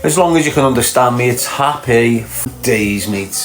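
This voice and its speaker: A man with a Liverpool accent talks in a loose, rambling way, often tagging his points with rhetorical questions. He sits in a roomy, echoey space with faint music under him. His voice sits at an ordinary middle pitch. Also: normal speed. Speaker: podcast host. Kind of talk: casual chat.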